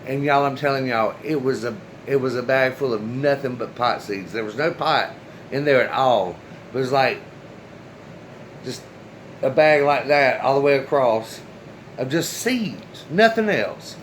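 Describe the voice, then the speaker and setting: A man's voice: mid-range voice, a little slow, a little hiss or hum, poor audio. A man casually telling a personal story straight to his viewers, loose and chatty, with the odd swear word. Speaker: storyteller, channel host.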